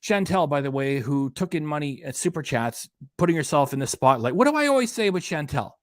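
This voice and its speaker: A man's voice: a little high, very animated, brisk, no room sound, clean studio sound. A man hosting a reaction channel, ranting in an indignant, emphatic way and hammering home his points. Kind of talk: casual commentary rant.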